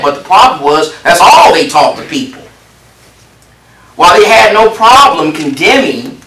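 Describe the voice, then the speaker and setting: Emphatic preacher in an echoey hall. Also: male voice, on the high side, pushed and bright. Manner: emphatic, repeats phrases for stress, asks the congregation questions. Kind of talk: sermon. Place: large hall with a congregation. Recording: roomy echo, distant mic.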